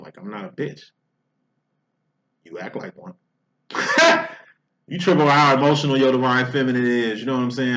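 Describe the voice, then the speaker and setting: A man's voice: medium pitch, a bit bright. A man giving a casual spiritual card reading, blunt and profane, mocking his listener and acting out quoted lines in a raised voice. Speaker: tarot card reader. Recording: dull lo-fi recording.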